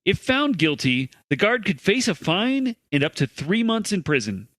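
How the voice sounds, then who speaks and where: A man with a bright, fairly high voice reads offbeat news stories aloud on a podcast. He tosses in dry jokes between the lines, and his delivery moves up and down a lot. The sound is close and dry. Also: big pitch swings, moderate pace, no room sound. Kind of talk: casual comedy chat.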